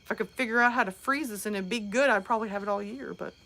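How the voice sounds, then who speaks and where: A woman's voice: medium pitch, rapid-fire, slight background noise. Chatty woman hosting a live stream. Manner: chatty and animated, answering chat comments. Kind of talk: casual live stream chat.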